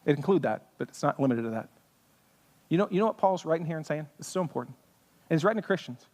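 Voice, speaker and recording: With a fairly high, slightly mellow voice and lively intonation, a pastor preaches fast and passionately, tossing in rhetorical questions and humor. The church sanctuary gives the recording a long hall reverb.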